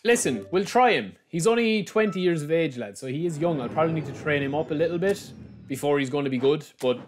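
A man from the giving excitable, frustrated live commentary on a football video game, talking to his viewers as lads. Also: fairly high pitch, fast, a little hiss or hum. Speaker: gaming YouTuber.

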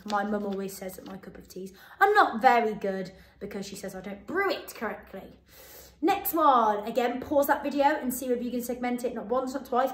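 A woman teacher with a British accent, giving a phonics lesson to children and sounding out each letter slowly and clearly. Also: a little high, roomy sound, rough recording. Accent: British English. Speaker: primary school teacher.

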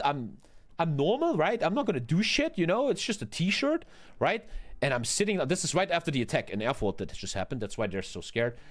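A man, telling a story in an animated, profane, emphatic way. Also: on the high side. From Germany. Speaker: streamer host.

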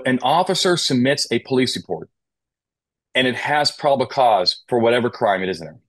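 A man's voice: medium pitch, husky. A man on a police podcast who explains legal points with rhetorical questions and acted-out quotes. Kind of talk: conversational interview. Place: Las Vegas.

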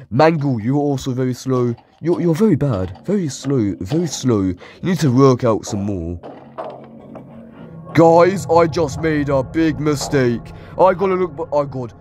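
A man's voice: mid-range voice, darkish tone. A man giving let's play commentary on a horror game, jumpy, shrieking at scares and taunting the enemies. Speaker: gaming YouTuber.

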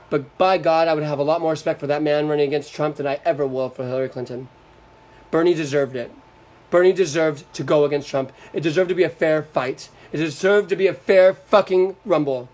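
A man's voice: a little high, a little fast, darkish tone. A young man from Florida hosting a live stream, ranting angrily about politics with lots of swearing and sarcasm. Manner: profane, combative, sarcastic. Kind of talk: angry political rant.

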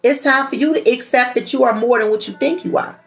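Woman, tarot reader, fairly high voice, blunt, profane, preachy, repeats herself. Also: brisk, gravelly, rough recording. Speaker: tarot reader and channel host. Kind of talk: tarot reading monologue to viewers.

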